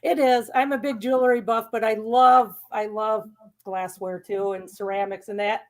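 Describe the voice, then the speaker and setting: A woman from Michigan calling in over video, friendly and bright, answering quickly. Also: medium pitch, fairly even intonation. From Michigan, United States. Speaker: caller. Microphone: video call.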